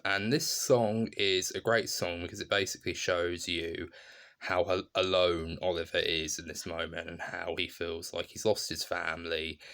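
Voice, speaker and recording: Man, very low voice, casual vlog film review, rambling, enthusiastic. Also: a bit bright. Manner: rambling, enthusiastic, many fillers.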